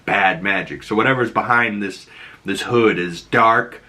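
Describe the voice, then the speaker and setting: Casual male recapper, rambling and chatty, bright tone. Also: lowish voice. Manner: rambling, fast, full of "like" and "you know". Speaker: show recapper.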